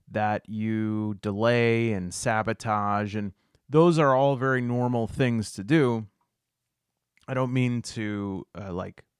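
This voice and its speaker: Animated rambling man, dry close sound. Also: fairly low pitch, clean tone, no echo. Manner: animated, rambling, many fillers and restarts, acts out his own inner voice. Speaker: solo tabletop game video host. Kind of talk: casual to-camera talk.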